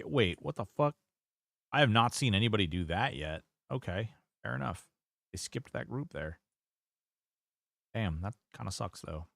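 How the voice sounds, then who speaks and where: A man's voice: deep voice, expressive, moderate pace, vocal fry, long pauses, a bit bright, no echo, studio quality. A man streaming a game, chatting casually, reading chat aloud and swearing now and then. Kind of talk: casual gameplay commentary.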